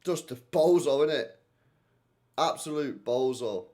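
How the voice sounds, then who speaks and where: A man's voice: mid-range voice, animated, measured pace, darkish tone. Blunt man reacting to football. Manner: blunt, slangy, swears freely, reacts to play. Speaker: football watchalong streamer. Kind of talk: live match reaction stream.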